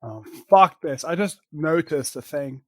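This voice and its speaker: A man with a somewhat high voice co-hosts a casual podcast, laughing often and swearing freely. Between the banter he reads news items aloud. The sound is dry and close, with no room echo. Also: expressive, measured pace. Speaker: podcast co-host.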